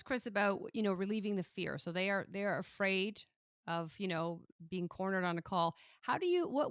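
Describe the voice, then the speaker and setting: Lady host asking questions, kinda low voice, dry close sound, keeps saying mm-hmm and yeah. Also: no room sound. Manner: encouraging, affirming with short backchannels. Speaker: podcast host. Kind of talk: interviewing a guest.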